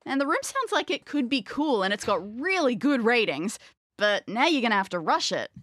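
A woman narrating a tabletop game as game master in the second person, lively and wry. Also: a little high, normal speed, no echo, clean studio sound.

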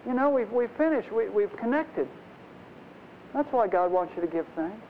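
A man preaching a conversational, animated sermon, acting out the voices in his stories, in a dull lo-fi recording. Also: sits high, normal speed. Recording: dull lo-fi recording, faint noise.

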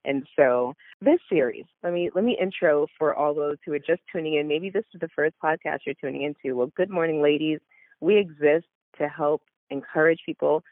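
A woman's voice: low voice, fairly quick, no room sound, narrow, tinny audio. A woman hosting a podcast, introducing her guest with gushing, enthusiastic praise. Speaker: podcast host. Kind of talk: podcast interview.

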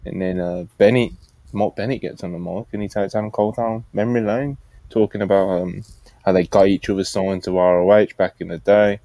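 A man's voice: on the low side, fairly even intonation, brisk, dark tone, no room sound. A man hosting a podcast, casually recapping wrestling in a rambling way, with laughs and restarts. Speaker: podcast host. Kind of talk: casual wrestling review chat.

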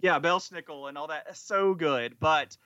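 A man with a bright, somewhat high voice chats eagerly and rambles, restarting his sentences often. The sound is dry and a little dull, like a home podcast mic. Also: unhurried, smooth, no echo. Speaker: podcast co-host. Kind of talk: casual chat.

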